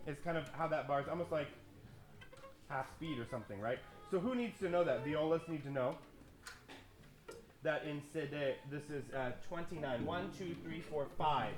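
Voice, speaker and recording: A male conductor on a concert stage who counts bars and scats the parts aloud between blunt, joking notes to his players. His voice sits a little high for a man and rings around a roomy hall, with instruments playing faintly behind him. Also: soft background music. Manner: brisk, joking, direct. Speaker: youth orchestra conductor. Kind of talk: rehearsal instruction. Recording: roomy stage, orchestra nearby.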